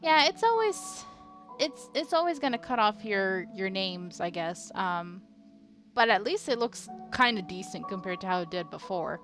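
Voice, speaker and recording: A woman's voice: medium pitch, animated, normal speed, a bit bright, soft background music. A young adult woman streaming a game, giggly and easily frightened, chatting casually with her viewers. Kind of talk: casual live-stream chat.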